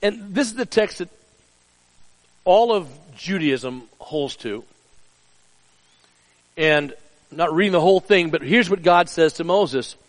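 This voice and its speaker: A middle-aged man preaching a sermon with earnest emphasis, dropping soft and low for personal stories. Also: expressive, a little slow, pauses often, big-room sound, poor audio. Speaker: pastor.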